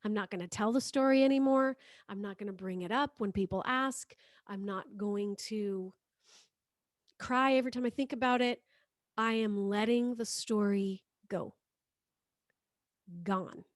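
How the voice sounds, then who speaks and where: A woman as a spiritual healing teacher, leading a guided prayer in a soft, slow voice and repeating phrases for listeners to say after her. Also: mid-range voice, no echo, clean studio sound.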